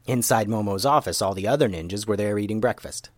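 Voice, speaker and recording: A man narrating a children's story in an expressive, animated reading. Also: on the low side, quick pace, no echo.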